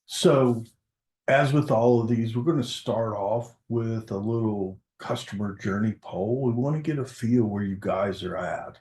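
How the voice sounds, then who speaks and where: A man with a low, mellow voice runs a corporate webinar. He talks in a relaxed, conversational way and leans on frequent "um"s. The sound is roomy, with a noticeable echo around him. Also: measured pace. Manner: casual and conversational, many "um" fillers. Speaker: webinar presenter, product success manager.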